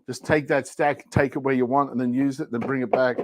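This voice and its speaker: A man with a mid-range voice and fairly even intonation talks a little fast while hosting a casual livestream shopping show. Between product demos he chats playfully, jokes around and rambles.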